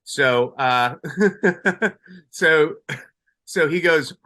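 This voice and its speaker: A man's voice: a little high, very slow, sharp tone. A retired police sergeant from Colombia, a man, telling a story in a casual interview, with many restarts and fillers.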